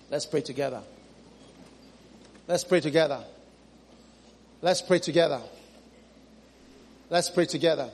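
A man delivers a passionate sermon at a moderate pace, swinging between loud, high-pitched cries and quiet, hushed appeals. He repeats phrases and pleads with his congregation, leaving long pauses, and his voice has a breathy edge.

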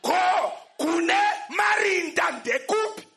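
A man interpreting a sermon, shouting the lines with emphasis. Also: extremely high pitch, animated, slow pace, gravelly, echoey room, a faint crowd.

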